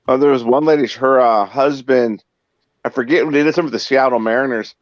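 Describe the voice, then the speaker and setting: Animated man telling stories, dull dry sound. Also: mid-range voice, fast talker, no room sound. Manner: animated, acts out dialogue in quotes. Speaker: co-host, former cab driver. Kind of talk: casual storytelling chat.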